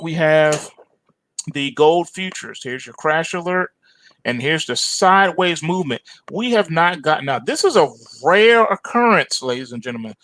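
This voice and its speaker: A man hosting an end-of-day trading report, walking through charts in an emphatic, dramatic way and often calling out to ladies and gentlemen. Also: on the high side, no echo, rough recording. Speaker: trading analyst host.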